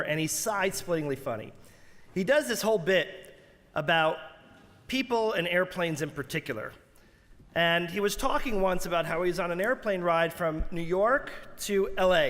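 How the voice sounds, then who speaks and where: Man, rabbi, holiday sermon, lively storyteller, high voice, long echo of a big sanctuary. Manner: animated storyteller, rising high and loud for quoted outbursts. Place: large synagogue sanctuary. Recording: reverberant sanctuary.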